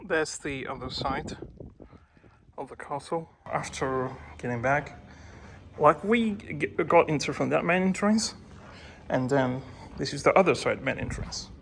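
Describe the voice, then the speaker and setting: Male vlogger, phone in hand, chatty and halting as he tours old rooms, slight background hiss. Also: a little high, creaky. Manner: relaxed, hesitant with many uh fillers, addresses viewers. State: breathing heavily while climbing. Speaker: walking tour vlogger. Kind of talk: casual walking tour narration. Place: old fort, indoors and out. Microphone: handheld phone.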